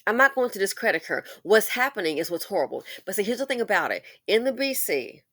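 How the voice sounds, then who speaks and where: A woman's voice: medium pitch, very animated, fast talker, fairly bright tone, no echo. A woman hosting a commentary monologue, emphatic and preachy, repeating her points for force. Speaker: commentary channel host.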